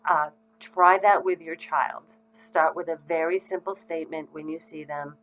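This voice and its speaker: A woman's voice: low-pitched, steady tone, normal speed, fairly bright tone, faint music behind, poor audio. A middle-aged woman giving parents advice in a casual, conversational way, with frequent ums. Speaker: parenting educator. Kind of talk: casual instructional talk to parents.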